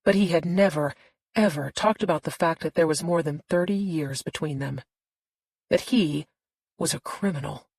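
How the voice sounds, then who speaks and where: A woman narrating a thriller audiobook in a tense, steady storytelling manner. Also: low-pitched, normal speed, husky, dry recording, low-quality recording.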